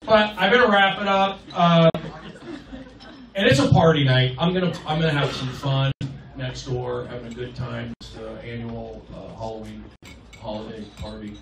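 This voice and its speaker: A man doing a live stand-up set, riffing with the crowd and swinging between loud and soft. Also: medium pitch, normal speed. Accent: Californian. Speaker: stand-up comedian. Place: comedy club stage. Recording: roomy, distant live club recording. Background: loud crowd laughter and noise.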